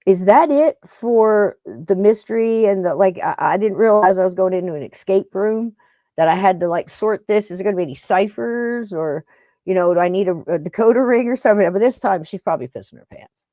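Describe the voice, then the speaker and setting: Woman, podcast host, casual storytelling, jokey and animated, medium pitch, dry close sound. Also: a little fast, dry recording. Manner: animated, jokey, acts out both sides of a phone call.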